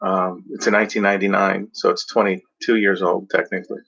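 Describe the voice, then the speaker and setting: Low and flat, with vocal fry, a breathy edge and a slightly bright quality, a man's voice moves briskly through a rambling, foul-mouthed vlog rant. He sits casually at home before a blanket, mocking other drivers in silly voices. The recording is dull and lo-fi.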